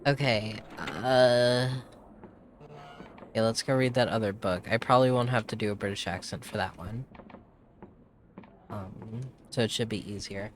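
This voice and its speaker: A man's voice: on the low side, a little slow, pauses often, slight background noise. A man streaming a game, muttering and swearing to himself in casual commentary. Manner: muttering, swears, self-deprecating. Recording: game music underneath.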